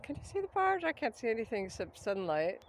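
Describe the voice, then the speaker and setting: A woman's voice: on the high side, sing-song, fast talker, slight background noise. A woman out of breath, walking along a grassy riverbank and talking into a phone at arm's length in a rambling, laughing vlog. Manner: rambling, laughs often, swears casually. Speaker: vlogger. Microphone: phone held at arm's length.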